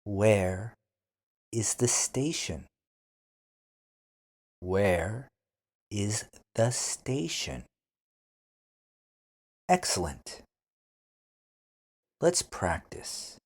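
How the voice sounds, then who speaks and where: Guy teaching beginner english, super slow, repeats every phrase, bouncy intonation. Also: lowish voice, big pitch swings. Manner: slow, deliberate, repeats phrases clearly for learners. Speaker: English teacher, podcast host. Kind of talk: scripted beginner English lesson.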